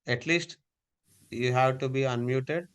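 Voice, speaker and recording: A man's voice: mid-range voice, unhurried, clean tone. A man teaching a live online class over a video call, giving repeated step-by-step instructions.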